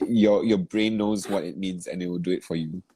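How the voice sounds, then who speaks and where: A man's voice: deep voice, steady tone, brisk, dark tone, slightly rough, no echo. A man giving feedback as a vocal coach in an online masterclass, asking probing questions and encouraging with easy laughs. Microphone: video call.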